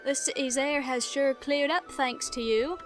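A woman's voice: high voice, steady tone, measured pace, music in the background. Woman doing a smug mock-British young man. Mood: teasing. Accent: British put-on. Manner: teasing, sly and theatrical. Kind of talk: reading game dialogue aloud.

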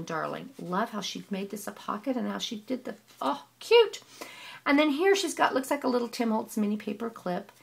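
Gushing woman with vocal fry. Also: mid-range voice, a bit bright. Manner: gushing, effusive, repeats praise words. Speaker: scrapbooking vlogger. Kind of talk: casual show-and-tell of craft pages.

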